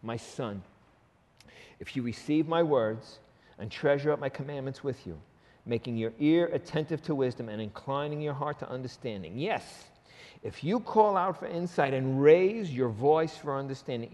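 A man's voice: medium pitch, a little mellow. A man preaching a sermon as a pastor, with a pleading, conversational way of talking and frequent asides. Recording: reverberant hall.

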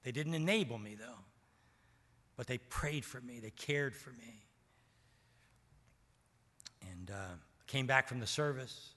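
An older man from Maryland preaches a sermon, telling stories and acting out the dialogue. His voice is bright and cutting. A long church reverb trails every phrase. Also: medium pitch, slow, long pauses. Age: 70s. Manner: storytelling, acts out quoted dialogue. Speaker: pastor.

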